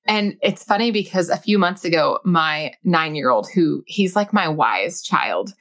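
A woman in her thirties hosting an interview, speaking with animated enthusiasm. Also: lowish voice, measured pace. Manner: warm, animated, enthusiastic storytelling. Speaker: host. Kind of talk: casual interview chat.

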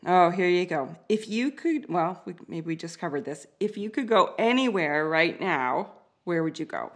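A woman's voice: fairly low pitch, expressive, normal speed. A woman in her forties hosting a casual interview, upbeat and enthusiastic, laughing easily. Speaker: podcast host.

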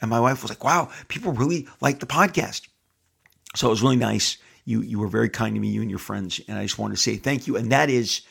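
Gravelly, husky man hosting a podcast. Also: lowish voice. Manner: enthusiastic, rambling, many restarts. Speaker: podcast host. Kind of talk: casual podcast monologue. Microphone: studio microphone.

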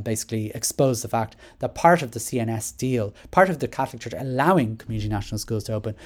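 A man with an Irish accent reading through a news article and commenting on it, animated, sarcastic and exasperated, often restarting his sentences. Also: mid-range voice. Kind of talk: casual spoken commentary.

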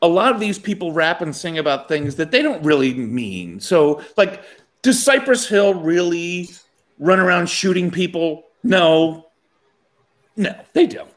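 A man's voice: high-pitched, expressive, unhurried. A man casually telling a long funny story to a co-host, acting out the people in it and laughing often.

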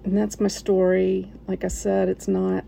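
A woman sharing an emotional personal story, halting at times, with fillers, restarts and soft laughs. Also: mid-range voice, monotone, creaky, a little hiss or hum.

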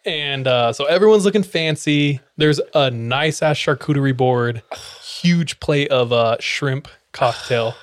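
A man's voice: mid-range voice, a little slow. A young man, a podcast host, telling a funny personal story in casual chat, laughing often and swearing freely.

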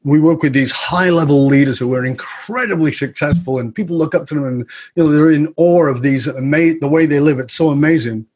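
A middle-aged man with a slightly husky, breathy voice speaks as an interview guest. He tells his story in an animated way and plays out the dialogue as he goes. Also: on the high side, brisk. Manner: animated storyteller who acts out quoted dialogue.

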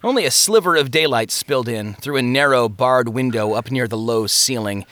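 A man narrating a story in an expressive storytelling style. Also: mid-range voice, moderate pace, dry recording. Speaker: audiobook narrator. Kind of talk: scripted narration.

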